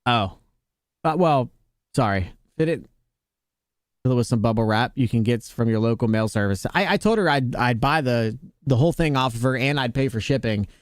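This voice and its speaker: A man's voice: medium pitch, animated, moderate pace, smooth, no room sound. Casual streamer man, dry close sound. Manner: rambling, talks to chat, frequent restarts. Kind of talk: casual live-stream chat.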